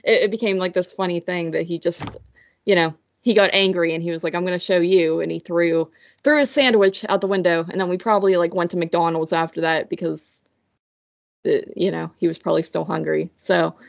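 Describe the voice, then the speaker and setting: A woman's voice: lowish voice, fairly even intonation, fairly quick, creaky, dull audio. A woman co-hosting a podcast, telling a long story in casual chat and filling it with "like". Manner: rambling storyteller, heavy filler "like", mimics voices. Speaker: podcast co-host.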